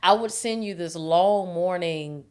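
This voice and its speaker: A woman co-hosting a relaxed conversation podcast on marriage and faith. Her voice sits on the low side for a woman, and she tells stories in an animated way, breaking into laughter often. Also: a little slow, clean tone. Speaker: podcast co-host. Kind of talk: casual chat about marriage and faith.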